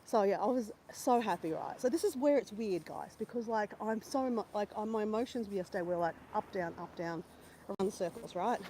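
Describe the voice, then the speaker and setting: An Australian woman chatting casually to her live-stream viewers while walking outdoors, animated and swearing freely. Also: mid-range voice, brisk, a little hiss or hum, low-quality recording. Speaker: vlogger. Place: outdoors near a lake and bridge.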